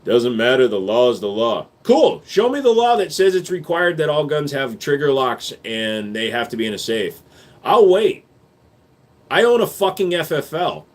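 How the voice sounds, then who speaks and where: A man's voice: medium pitch, big pitch swings. Blunt, profane male livestreamer. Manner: reads viewer questions aloud, then answers quickly; turns loud and sarcastic when arguing. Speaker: livestreamer answering chat. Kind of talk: casual live-stream chat.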